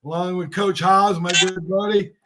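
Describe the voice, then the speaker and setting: An older man with a hoarse voice hosting a casual talk-show interview, chatty and halting, with many fillers. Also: sits high, steady tone, noisy background. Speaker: host.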